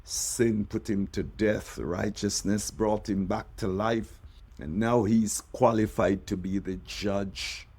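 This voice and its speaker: A man, a bishop, preaching a devotional sermon, drawing out key words and letting his phrases sink low and soft at the ends. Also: steady tone, takes it slowly, breathy edge.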